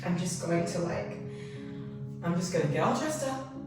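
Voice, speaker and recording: A woman's voice: fairly low pitch, expressive, normal speed, far from the mic. A young woman from Maryland, a travel vlogger chatting to camera with lots of fillers, at times fighting back tears in a hotel room. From Maryland, USA. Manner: chatty and upbeat, with many fillers. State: tearful, fighting back crying. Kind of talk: casual vlog talk to camera. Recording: echoey room, voice slightly off-mic, music behind.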